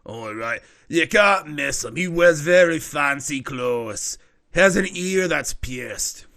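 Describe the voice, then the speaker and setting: A man's voice: fairly high pitch, expressive, slow, pushed and bright. A man narrating a tabletop game as game master, in a loose, casual way.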